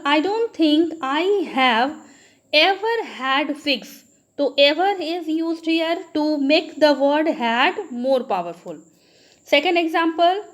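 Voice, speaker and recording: A woman teacher with an Indian English accent giving a grammar lesson, often addressing the students and asking, then answering, her own questions. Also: high-pitched. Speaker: school teacher.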